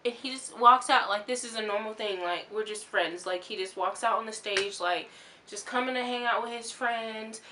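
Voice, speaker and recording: A young woman telling a story to her vlog viewers in a rambling, excitable way, with lots of fillers and restarts. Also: a little high, normal speed, a little hiss or hum. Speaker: vlogger.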